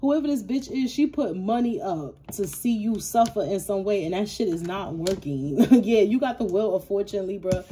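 Profane, animated woman reading tarot. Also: mid-range voice, moderate pace, hardly any pauses, slight background noise. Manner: animated, profane, laughing asides. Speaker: tarot reader. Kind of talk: casual tarot reading to camera.

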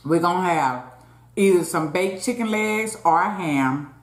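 A woman's voice: lowish voice, animated, unhurried. Chatty woman eating on camera, roomy. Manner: chatty, keeps calling out to viewers, talks between bites. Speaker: mukbang host. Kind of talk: casual eating-show chat. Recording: roomy echo.

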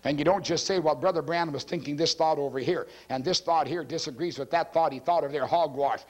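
A male pastor preaching a teaching sermon from a church pulpit, forceful and emphatic, swinging his pitch widely and often clearing his throat. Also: quick pace.

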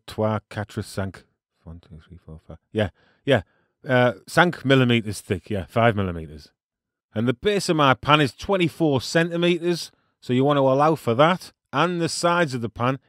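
A man's voice: mid-range voice, fairly bright tone, no room sound, clean studio sound. A man with a Teesside accent hosting a cooking show, chatty and jokey, full of local slang and playful French words. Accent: Teesside English. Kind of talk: casual cooking demonstration.

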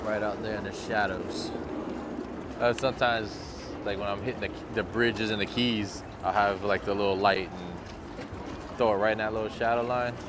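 A man hosting his fishing vlog from a boat on a bay at night, relaxed and joking, swearing casually. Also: lowish voice, moderate pace, background noise. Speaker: fishing channel host.

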